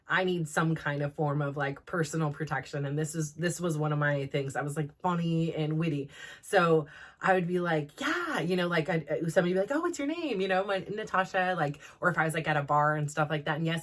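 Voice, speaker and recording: A woman's voice: deep voice, fairly bright tone. A woman from California with a Valley girl accent, telling personal stories in a chatty podcast monologue full of "like". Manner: chatty, peppered with "like", quick laughs. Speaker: podcast host. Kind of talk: casual storytelling monologue.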